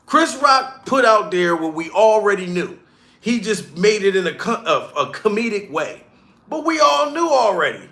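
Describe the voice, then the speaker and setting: On a live stream, a comedian streamer rants profanely and mockingly, heated, calling out to chat along the way. His high-pitched voice is very animated, pushed and bright, at a normal speed.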